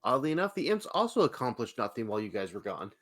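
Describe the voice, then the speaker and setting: Man, game master, lively pitch, plain explaining, tabletop session. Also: quick pace.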